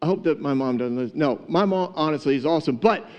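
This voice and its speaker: A man's voice: on the high side, fast, lo-fi sound. A pastor preaching a sermon to his church, retelling a parable with humor, laughing often and acting out the characters. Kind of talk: sermon storytelling.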